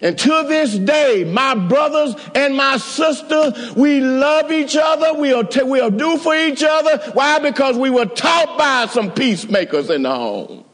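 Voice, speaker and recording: Rousing high-pitched preacher man, echoing hall. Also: animated, measured pace, hardly any pauses, a bit bright. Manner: emphatic and rousing, many repeated restarts; calls out to the congregation. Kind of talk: sermon.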